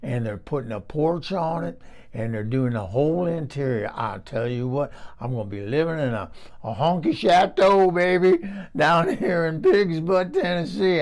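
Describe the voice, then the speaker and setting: A man's voice: on the high side, very animated, a little slow. A man playing a chatty older woman who lives in a trailer, rambling and exclaiming. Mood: gossipy. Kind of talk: comic character monologue.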